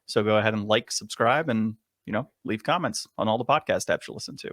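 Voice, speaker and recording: A man co-hosting a podcast, telling a long story in a casual, animated way and chuckling often. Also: fairly low pitch, brisk, dry recording, clean studio sound. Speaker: podcast co-host.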